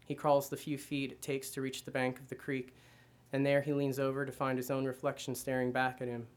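Guy reading a story out loud, flat steady voice, mid pitch, calm even pacing. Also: a little fast. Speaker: reader. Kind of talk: first-person literary reading.

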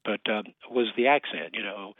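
A man's voice: lowish voice, normal speed, no room sound. An older man, a historian, speaking as a guest on a radio interview, hesitant with many fillers and restarts. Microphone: phone. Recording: tinny phone line.

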